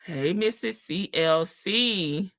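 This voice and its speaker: A woman's voice: fairly low pitch, slow, a bit bright, lo-fi sound. A woman hosting a true crime live stream, chatting casually and playfully with her viewers and laughing often.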